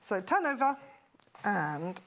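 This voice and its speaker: A woman's voice: mid-range voice, very animated, slow pace, a bit bright. A woman, a guest tutor on a live sewing show, who explains each step with enthusiasm and chats cheerfully with the host. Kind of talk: live studio sewing demonstration. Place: TV studio.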